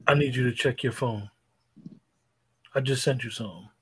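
A man hosting a livestream, speaking in a polite, low-key way and addressing the chat. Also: moderate pace, a bit bright, breathy edge. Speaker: livestream host. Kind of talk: casual livestream talk.

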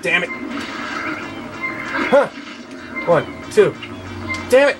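A man's voice: a little high, animated, a little slow, long pauses, rough recording. Swearing, frustrated young man gaming. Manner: frustrated, swearing, yelling at the game. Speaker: let's play gamer. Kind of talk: video game commentary. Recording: game music playing behind.

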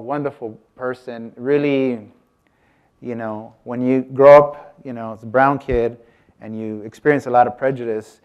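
A man's voice: mid-range voice, clear, resonant tone. A man giving a casual artist talk to an audience, chatty, breaking off mid-sentence and asking the room questions. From United States. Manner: chatty, self-interrupting, asks the audience questions.

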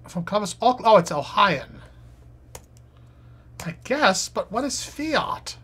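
Husky, low woman streamer; unhurried, reads clues out and mutters answers to herself. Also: sing-song, a bit bright. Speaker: live streamer. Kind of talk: thinking aloud while solving a crossword.

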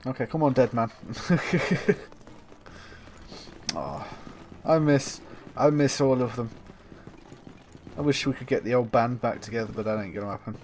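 A man's voice: medium pitch, a little slow, long pauses, a little mellow, a little hiss or hum. A man casually commentating a video game, goofing around, humming nonsense and chatting to himself. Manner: goofy, sings and mutters to himself while playing. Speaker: gameplay commentator. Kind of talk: casual let's play commentary.

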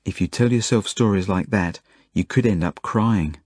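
Male audiobook narrator, low and husky, earnest first-person telling. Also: normal speed, darkish tone, no echo, studio quality.

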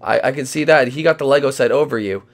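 Gravelly guy hosting a minecraft-style roleplay, kinda stammery, mid voice. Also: mid-range voice. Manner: halting, repeats words while playing along. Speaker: role-play host. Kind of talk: improvised game role-play.

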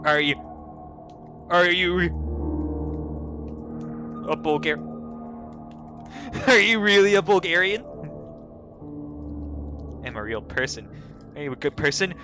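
A man's voice: high voice, lively intonation, takes it slowly, pauses often. A man playing a text adventure game, reading the story aloud and laughing and swearing at it in casual commentary. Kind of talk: casual let's play commentary. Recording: clear background music.

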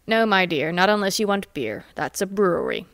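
Lady playing a chill deadpan uncle, dry and unbothered. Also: mid-range voice, a little fast, no echo. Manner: calm and deadpan. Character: calm, dry-humoured middle-aged uncle.

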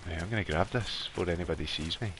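A Scottish man chatting casually with viewers while streaming a game from his warm bedroom, laughing often. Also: deep voice, racing, slight background noise. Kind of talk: casual live gameplay chat.

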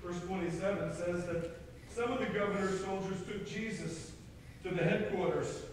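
American male preacher, high voice, dramatic scripture storytelling; distant mic in a very echoey church. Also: moderate pace, a little hiss or hum. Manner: dramatic, rising to loud quoted outbursts. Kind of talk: Easter sermon retelling scripture. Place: church sanctuary. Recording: echoey hall, far from the mic.

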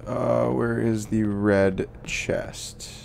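A man's voice: lowish voice, level tone, drawn-out words, gravelly, a little mellow, a little hiss or hum. Furious swearing man playing a game. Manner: angry, swearing, frustrated outbursts. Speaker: gameplay commentator. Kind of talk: let's play commentary.

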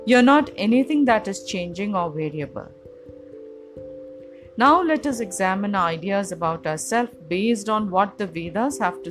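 A woman teaches in a calm, deliberate voice of middling pitch, laying out ideas step by step in long, measured lists. Music plays clearly underneath her words. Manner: calm, deliberate, list-like phrasing. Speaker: Vedanta teacher. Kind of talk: measured spiritual teaching talk. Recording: music playing behind the voice.

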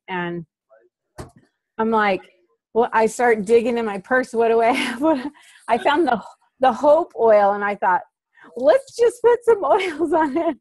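Woman, mid pitch, dry close sound; chatty anecdote teller. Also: dry recording. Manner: lively storyteller, fillers like "like". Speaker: class participant. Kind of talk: casual anecdote.

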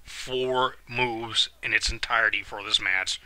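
In a dry recording, a man whose voice sits on the low side speaks at a measured pace. He runs a reaction channel, reacting excitably to a wrestling match live and swearing when something outrages him.

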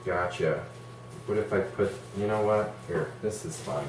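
A man's voice: deep voice, measured pace. A man hosting a casual cooking video, joking and poking fun at himself. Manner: joking, self-deprecating. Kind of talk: casual cooking demo banter. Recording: echoey room with light noise.

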